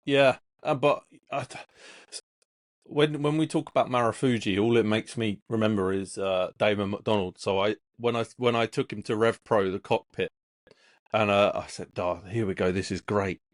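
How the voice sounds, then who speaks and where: A man's voice: fairly low pitch, fairly even intonation, moderate pace, no room sound, studio quality. A man co-hosting a podcast, telling stories in a rambling, casual way. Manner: rambling, many fillers and restarts while storytelling. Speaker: podcast co-host.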